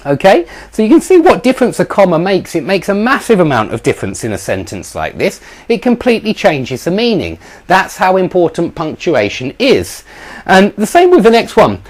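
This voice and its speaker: A man's voice: a little high, wildly swooping pitch, normal speed. A man teaching an online grammar lesson, explaining patiently with frequent ums and the odd self-deprecating chuckle. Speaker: English teacher.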